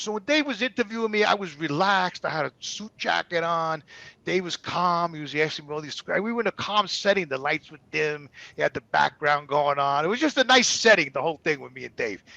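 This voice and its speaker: A man's voice: a little high, animated, a little fast, gravelly, sharp tone, no room sound, dull audio. A man telling a personal story as a guest, in blunt, profane, repetitive talk. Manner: blunt, profane, repeats himself.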